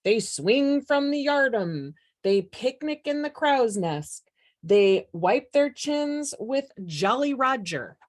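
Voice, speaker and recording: An older woman voicing a gruff, bossy old male pirate captain who growls and speaks loudly. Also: fairly high pitch, animated, takes it slowly, pitched above the performer's own voice. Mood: growling. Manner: growling, loud.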